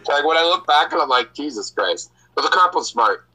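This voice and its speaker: A man's voice: a little high, fast talker, sharp tone, low-quality recording. A man telling a personal story casually as a podcast host, swearing often and laughing.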